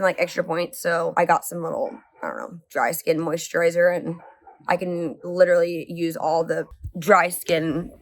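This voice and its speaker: A woman vlogger telling a story to camera in a casual, rambling way, full of "like" fillers and swings in pace. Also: fairly low pitch. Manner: animated, rambling, heavy use of "like"; speeds up and slows down often.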